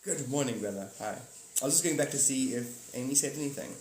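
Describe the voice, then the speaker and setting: A man's voice: mid-range voice, lively intonation, quick pace, a little mellow. Live streamer, male, rambling and jokey, recorded in a roomy space with faint noise hiss. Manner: rambling, jokey, swears, acts out silly voices. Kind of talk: casual live stream chat. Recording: echoey room with faint noise.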